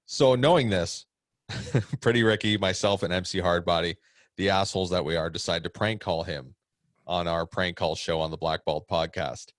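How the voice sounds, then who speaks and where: A man tells a story in a rambling way, laughing often and swearing freely. His voice sits a little low. The sound is dry and close to the mic. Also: moderate pace, no echo. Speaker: podcast co-host, pro wrestler. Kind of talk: casual chat.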